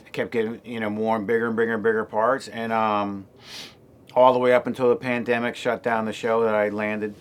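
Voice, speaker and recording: A man's voice: lowish voice, level tone, fairly quick, clear, resonant tone. Rambling older man telling his story. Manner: rambling, many fillers and restarts. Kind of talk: casual personal storytelling.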